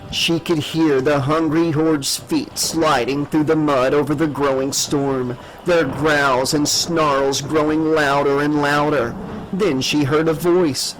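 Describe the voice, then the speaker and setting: A man narrates a horror story in a measured, dramatic way, his voice sitting a bit high for a man. A faint music bed runs underneath the reading. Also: steady tone, rough recording. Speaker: audiobook narrator.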